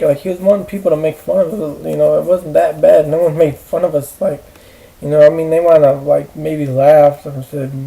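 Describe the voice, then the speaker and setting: A man ranting to camera in a rambling, profane way, halting with fillers and restarts. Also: fairly high pitch, steady tone, gravelly, mellow, low-quality recording. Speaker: vlogger. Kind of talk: rambling personal rant.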